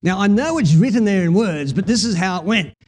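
A man preaching with a fairly high voice. He tells the story in an animated way, acting out the scenes as he goes and chatting with his listeners. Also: brisk. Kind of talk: sermon.

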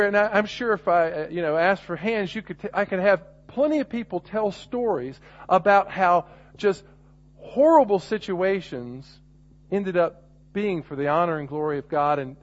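A man's voice: sits high, lively intonation, normal speed. A middle-aged man preaching a sermon, earnest and restarting often as he builds to emphatic points. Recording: muffled lo-fi recording.

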